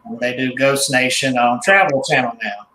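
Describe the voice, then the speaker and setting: A man's voice: medium pitch, moderate pace, pushed and bright, roomy sound, slight background noise, low-quality recording. A male guest on a radio talk show, explaining things in a hesitant way with many fillers and self-corrections. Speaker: guest, doll collector. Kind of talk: casual interview.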